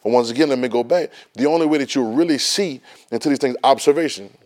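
A man's voice: medium pitch, fast talker, a little mellow. A man teaching a Bible study class, emphatic and folksy, often repeating words as he restarts a thought. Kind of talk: Bible study lesson, preaching.

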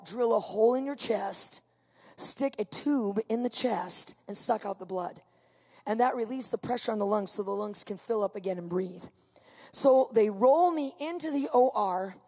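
A woman preaching, telling her own story to a congregation with lively, acted-out quotes. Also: a little high, husky, in a large hall. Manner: animated storytelling, acting out quotes. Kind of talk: testimony sermon to a live audience.

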